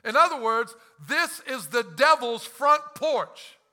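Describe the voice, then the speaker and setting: A male pastor preaching with fervor, in a high, very bright and cutting voice. He swings from near-shouted proclamations to quiet, hushed explanations, and acts out quoted lines with laughter. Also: lively intonation, slow pace. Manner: impassioned preaching, swings between loud and hushed. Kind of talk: sermon.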